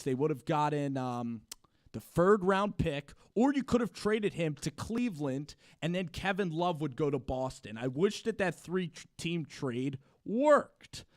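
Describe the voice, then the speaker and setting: An excitable man co-hosts a live sports talk stream, tumbling through rants and restarting his sentences. His voice sits a little high. The sound is close and dry, with no room around it. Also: measured pace, no echo. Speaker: sports talk show co-host. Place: home studio, live stream.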